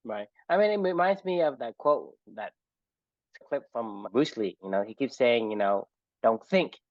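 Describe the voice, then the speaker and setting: A man co-hosting a podcast in casual chat, reflective and quick to chuckle. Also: medium pitch, animated, no room sound, dull audio. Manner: reflective, chuckles often, uses filler like "you know". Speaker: podcast co-host.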